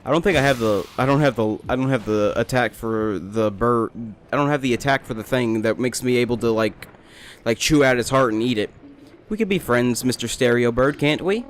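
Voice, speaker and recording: A man's voice: medium pitch, a little fast, slight background noise. Rambling young man playing a game. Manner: rambling, joking, talks to the game. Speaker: let's play host. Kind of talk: casual gameplay commentary.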